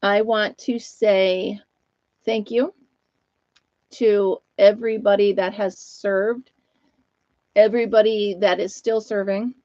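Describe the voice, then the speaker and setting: A woman's voice: medium pitch, flat delivery, takes it slowly, long pauses, mellow, dry recording. An older retired woman chatting casually on a live stream from home, rambling and laughing often. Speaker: host of a live knitting chat stream. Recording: dull, lo-fi, dry sound.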